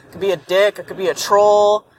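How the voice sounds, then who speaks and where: A woman's voice: medium pitch, steady tone, brisk. A woman vlogging in a car after a sleepless night, ranting in a blunt, profane and irritable way. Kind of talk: casual rambling monologue. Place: in a car while driving. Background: faint road and vehicle noise.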